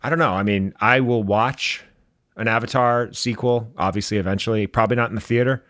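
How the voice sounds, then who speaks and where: A man with a lowish voice riffs sarcastically on movies in a loose podcast chat, cursing casually and poking fun at himself. His voice sits close and dry, with no room sound around it. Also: fairly even intonation, a little fast, fairly bright tone, no room sound. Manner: sarcastic, self-deprecating, swears casually. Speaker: podcast co-host. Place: home studio.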